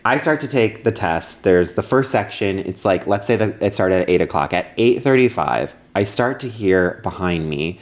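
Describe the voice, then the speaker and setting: A man's voice: sits low, animated, normal speed, hardly any pauses. A young man co-hosting a podcast, telling a story in casual chat and acting out his own past lines. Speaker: podcast co-host.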